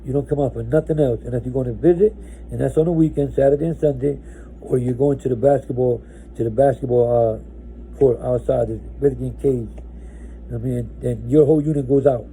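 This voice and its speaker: A man's voice: mid-range voice, steady tone, a little fast, gravelly, mellow, slight background noise, rough recording. A man from New Jersey telling his own story casually, rambling with lots of restarts. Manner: rambling, with many restarts and "right?".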